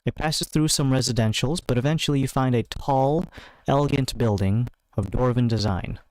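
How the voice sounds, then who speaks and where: A man running a tabletop game as game master, describing scenes in an unhurried way with many fillers. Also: mid-range voice, darkish tone, rough recording.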